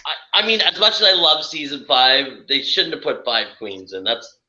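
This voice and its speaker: A man's voice: medium pitch, very animated, moderate pace, pushed and bright, roomy sound, slight background noise, poor audio. A man co-hosting a casual roundtable chat, eager and leading the topics. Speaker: podcast co-host.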